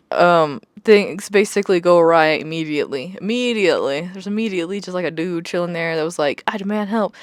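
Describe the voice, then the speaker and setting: A woman's voice: fairly low pitch, no echo, clean studio sound. A woman book vlogger talking casually about what she is reading, chatty and exasperated, swearing and laughing often. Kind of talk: casual chat.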